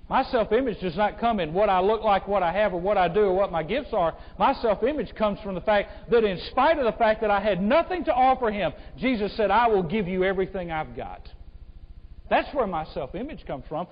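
A male pastor preaching an impassioned sermon, swinging between hushed and loud delivery. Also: sits high. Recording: echoey hall, dull sound.

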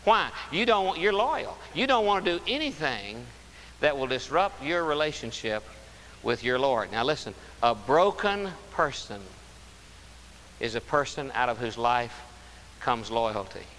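A man's voice: medium pitch, very animated, a bit bright. A man preaching a sermon, emphatic, stretching key words and repeating phrases. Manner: emphatic, drawn-out stresses and repetition. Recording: roomy hall reverb with faint hiss.

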